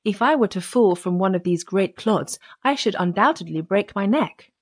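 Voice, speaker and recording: A woman's voice: mid-range voice, expressive, normal speed, no room sound, studio quality, lightly acted. A woman voicing a tiny, mischievous boy hero in an audiobook, with a perky, cheeky manner. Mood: sly. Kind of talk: audiobook character reading.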